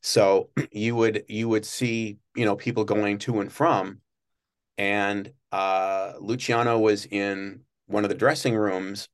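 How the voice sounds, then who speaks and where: Male interview guest, low-pitched, casual, stumbling storyteller. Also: steady tone. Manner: halting, many restarts and fillers. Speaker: guest, former studio page.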